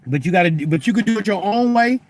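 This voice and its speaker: A man's voice: high-pitched, lively intonation, quick pace, dry recording. A young man preaching in a casual, conversational way, often stammering and repeating words as he presses his point. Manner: loose, conversational, keeps asking "you know what I'm saying". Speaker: Christian vlogger.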